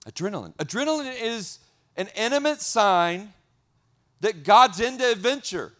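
A man preaching a sermon as a pastor, energetic, repeating key words and swinging between loud and soft. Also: high-pitched, normal speed.

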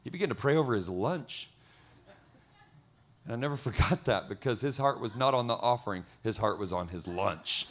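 A middle-aged man preaching a lively sermon, acting out quoted voices. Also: mid-range voice, moderate pace. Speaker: pastor.

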